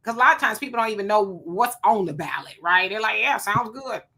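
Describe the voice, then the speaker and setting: A woman hosting a live talk stream, chatting casually and reading viewer comments aloud in an animated way. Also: mid-range voice, a little fast. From California. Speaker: live show host.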